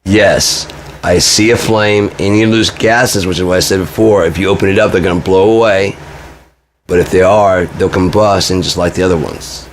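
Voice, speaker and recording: A man's voice: deep voice, steady tone, normal speed, a little hiss or hum. A man in his forties venting to camera in a rambling, profane monologue, full of "I'm like" asides. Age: 40s. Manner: agitated, profane, heavy use of "I'm like". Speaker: vlogger.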